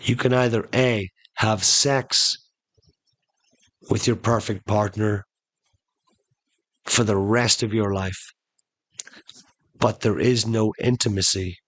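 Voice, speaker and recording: A man voicing a casual, offhand male genie who talks in an unhurried, matter-of-fact way. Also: lowish voice, steady tone, fairly bright tone, dry recording. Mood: explaining.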